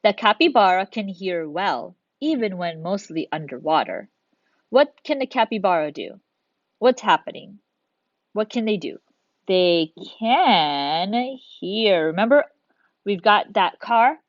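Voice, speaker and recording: A woman's voice: medium pitch, big pitch swings, moderate pace, no room sound, muffled recording. Encouraging woman teaching kids on video. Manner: encouraging, talks students through each step. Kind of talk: recorded video lesson for children.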